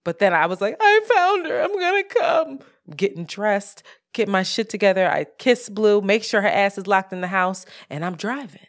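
A woman co-hosting a casual podcast, telling a story in an animated way with sudden jumps in pitch and plenty of swearing. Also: normal speed. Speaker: podcast co-host. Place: apartment in Brooklyn, street sirens outside.

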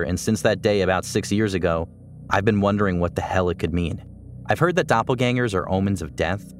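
A man narrating a listener's story in the first person, reading in a steady, measured way. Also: deep voice. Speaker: podcast narrator.

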